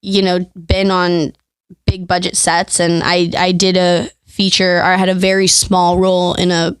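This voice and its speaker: A woman's voice: fairly low pitch, level tone, normal speed, clean tone, no room sound. Woman guest on a podcast, chatty, lots of likes and you knows, dry close mic. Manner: chatty, laughs often, many fillers. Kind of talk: casual chat.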